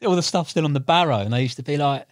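Racing along in a slightly high voice, a young man guesting on a podcast recounts carp fishing stories, captured in studio quality with no echo. He's animated, acting out quotes and using lots of slang and filler words.

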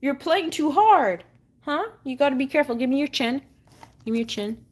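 A young woman hosting a casual livestream, cooing and encouraging her dog and swinging up high when she praises it. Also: lively intonation, normal speed, darkish tone.

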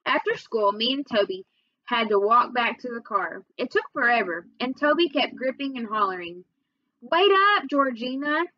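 Woman reader, expressive first-person storytelling, slightly high voice, muffled dry recording. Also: moderate pace, dry recording. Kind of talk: reading a children's novel aloud.

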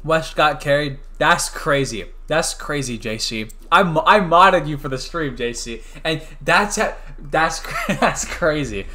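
A young man commentating his own online gameplay on a stream, joking and switching between loud outbursts and quiet mumbles. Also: a little high, animated, unhurried, few pauses. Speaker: gaming streamer.

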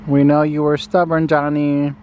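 A man's voice: on the high side, completely flat delivery, a little mellow, muffled recording, a little hiss or hum. A man talking to his camera in a casual vlog, reflective and open about his feelings. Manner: slow, emotional, reflective then chatty. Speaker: vlogger.

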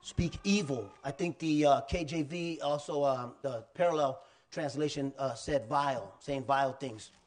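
A pastor preaching a sermon in a loose, colloquial way, with asides and questions to the congregation. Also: male voice, mid-range voice, normal speed, darkish tone.

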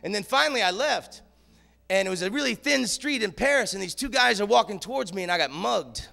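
A man's voice: sits high, expressive, a little fast, vocal fry, bright, forceful tone. A man telling stand-up stories from a theater stage, loose and rambling, tacking "man" onto his lines. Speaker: comedian. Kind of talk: stand-up storytelling.

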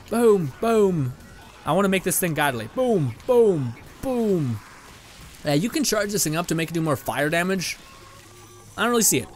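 A young man from Canada rambles through his gameplay commentary, his voice set a little higher than most men's. He laughs easily and swears without a thought. Faint music plays underneath. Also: fairly bright tone. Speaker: gaming video host. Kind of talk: casual let's-play commentary. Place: home room with green screen and lights.

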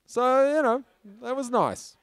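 A man's voice: extremely high pitch, lively intonation, unhurried, slight background noise. A man, a film director telling a loose, chatty anecdote at a live talk in a pub. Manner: casual storytelling, loose and chatty. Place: pub function room.

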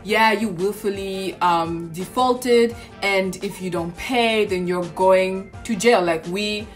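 Young woman doing a droning, officious scam caller guy, halting with ums, slow. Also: mid-range voice, soft background music, lightly acted. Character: bland scam caller man, pushy and droning.

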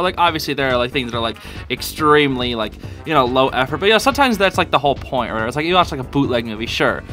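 A man's voice: medium pitch, expressive, fast, bright, forceful tone, faint music behind. A young man hosting a casual reaction video, laughing often and talking in loose slang full of fillers. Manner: giggly, filler-heavy slang talk.

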